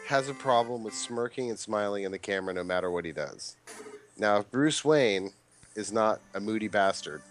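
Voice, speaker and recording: A young man streaming a game, chatting casually and quoting people in a lively raised voice. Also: lowish voice. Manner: animated storyteller, quotes others in raised voice. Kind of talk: casual chat while gaming live.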